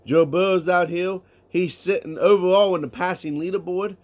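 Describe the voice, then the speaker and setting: A man's voice: sits high, fairly even intonation, moderate pace. A man giving casual solo sports talk, emphatic, reading out statistics and asking rhetorical questions. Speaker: sports commentator.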